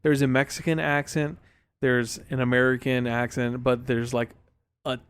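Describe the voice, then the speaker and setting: A young man co-hosts a laid-back podcast, his voice smooth and resonant. He talks loosely and rambles, with plenty of filler words. His pitch sits in an ordinary middle range. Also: flat delivery, normal speed. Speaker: podcast co-host. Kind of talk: casual chat.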